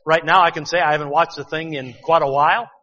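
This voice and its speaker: A man's voice: fairly high pitch, fairly even intonation, quick pace, pushed and bright, muffled recording. Man preaching in a reverberant hall. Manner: conversational preaching, rhetorical questions. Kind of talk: sermon.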